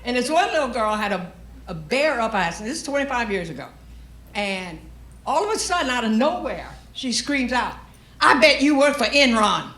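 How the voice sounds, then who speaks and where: A woman's voice: on the high side, very animated, moderate pace, a bit bright. Brash smoky-voiced Southern woman comic. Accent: Southern US (Louisiana). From Louisiana. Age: middle-aged. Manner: brash, profane, storytelling delivery. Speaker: stand-up comedian. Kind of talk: stand-up comedy set. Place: comedy club stage before a live audience. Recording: echoey club room.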